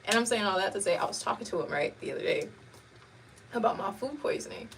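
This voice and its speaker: A woman hosting a casual live chat, telling stories in an animated way and laughing often. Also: medium pitch, fast. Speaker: host. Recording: distant mic with faint background noise.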